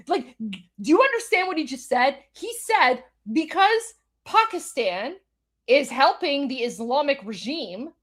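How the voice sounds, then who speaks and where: High voice lady host, exasperated, keeps going what? really?. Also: fairly bright tone. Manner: incredulous, exasperated, repetitive asides. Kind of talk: live commentary reacting to clips.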